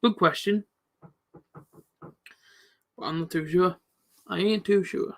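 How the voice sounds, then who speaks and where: A man's voice: high-pitched, slow. A man in his late twenties hosting a live football reaction stream, chatting casually and answering viewers by name. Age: late 20s. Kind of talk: casual live commentary reading chat.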